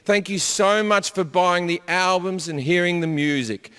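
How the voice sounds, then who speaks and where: A man's voice: high-pitched, steady tone, moderate pace, pushed and bright, clean tone. A man quoting an aging male rock star's earnest farewell speech in the middle of a stand-up set. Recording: live stage with long hall reverb.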